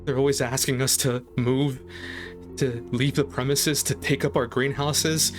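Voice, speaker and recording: A man's voice: medium pitch, flat delivery, unhurried, natural voice. A man doing a prim, flustered woman botanist in a tabletop game. She is courteous at first and holds a firm, defensive line. The voice sits in a middling register, with faint music underneath. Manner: polite, then stern and defensive.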